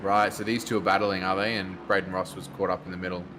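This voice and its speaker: A man's voice: sits low, flat delivery, fast talker, background noise. A man with an Australian accent doing chatty commentary on a sim race, laughing often.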